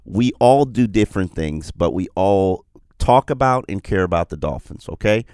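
A man's voice: sits low, lively intonation, moderate pace, darkish tone, clear, resonant tone, no echo, clean studio sound. A man hosting sports talk radio, talking in an emphatic, repetitive rant.

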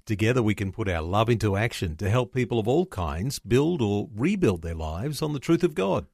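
A man reads a scripted promotional appeal with upbeat, inviting energy. His intonation swings widely and his voice is a little husky. The recording is dry, with soft guitar music underneath. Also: on the low side, sing-song, normal speed, dry recording. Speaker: chief executive making an appeal. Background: faint guitar music.

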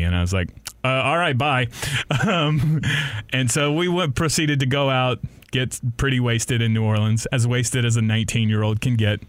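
On a casual podcast, a young radio host with a mid-range voice retells a story at a moderate pace, free of room sound. The retelling is animated: he mimics the people involved and keeps breaking into laughter.

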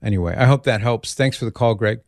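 A man's voice: mid-range voice, fast talker, no echo, studio quality. A man hosting a call-in radio show, asking probing questions and giving earnest, patient advice. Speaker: radio talk show host.

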